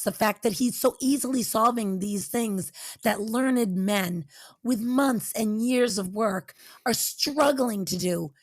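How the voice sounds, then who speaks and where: A woman's voice: mid-range voice, dry recording. A woman co-hosts a podcast and gives her take on a film in casual chat. She sounds thoughtful and opinionated, and her voice comes across close and dry, with no room sound. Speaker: podcast co-host. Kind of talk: casual movie review chat.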